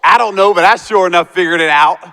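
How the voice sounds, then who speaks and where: A man with a high, pushed, bright voice talks at a quick pace, giving students a motivational talk about his life. Acting out the voices of the people he describes, he sounds like he's in a hall with long reverb.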